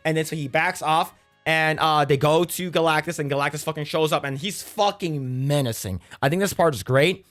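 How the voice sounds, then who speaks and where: A man's voice: on the high side, moderate pace, a bit bright, faint music behind. A man giving a casual, rambling movie recap, crude and profane and full of fillers. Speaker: movie reviewer.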